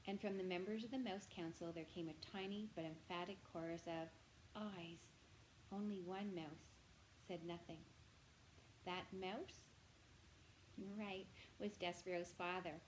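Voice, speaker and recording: A woman reading a children's novel aloud in a gentle, expressive way, often speaking directly to the listener. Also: mid-range voice, measured pace, a little hiss or hum, low-quality recording.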